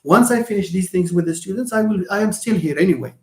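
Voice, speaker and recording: A man teaches a live online lesson, stressing and repeating words for emphasis. His voice sits a little high and swings widely in pitch. The sound carries the echo of a room. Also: animated, fast, a little mellow. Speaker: English teacher.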